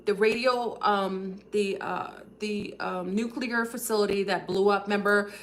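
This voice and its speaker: A woman hosting a casual livestream, talking fast and rambling with many fillers while addressing her viewers directly. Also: mid-range voice, fairly bright tone. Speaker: livestream host.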